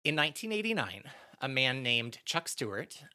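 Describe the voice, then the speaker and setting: A man hosts a casual true-crime podcast, recounting the case in a loose, conversational flow. His voice is bright and forward, sitting at an ordinary pitch. He stops often to correct himself and scatters his telling with fillers. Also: big pitch swings, normal speed. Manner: chatty, many fillers and self-corrections. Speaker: podcast host.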